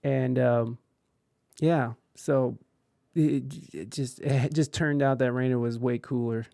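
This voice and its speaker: A man's voice: medium pitch, steady tone, takes it slowly, creaky, mellow, dry recording, studio quality. A man hosting a podcast, casually telling a candid personal story with frequent swearing and laughter. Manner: candid, profane, laughs often through the story. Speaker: podcast host.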